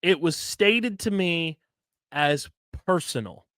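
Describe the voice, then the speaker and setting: A man's voice: medium pitch, slow, no room sound, studio quality. A man, co-hosting a casual podcast and telling stories with lots of swearing. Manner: animated storytelling, swearing, spells words letter by letter. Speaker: podcast co-host.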